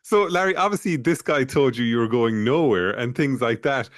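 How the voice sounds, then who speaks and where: A man's voice: mid-range voice, expressive, moderate pace. A man hosting a podcast, asking casual questions in a playful, teasing way. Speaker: podcast host.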